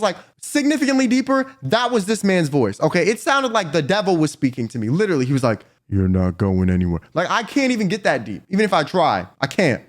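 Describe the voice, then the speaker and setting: A young man telling a wild storytime to the camera, swearing freely and exaggerating everything. his voice is high for a man and bounces all over the place. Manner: animated, profane, exaggerated storytelling. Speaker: YouTuber. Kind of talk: storytime vlog.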